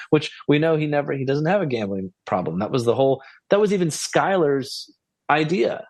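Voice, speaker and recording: A man's voice: mid-range voice, expressive, moderate pace, a little mellow, no echo. Guy rambling through a tv recap, casual podcast chat, dry close sound. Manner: musing, rambling, asks questions. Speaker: podcast co-host.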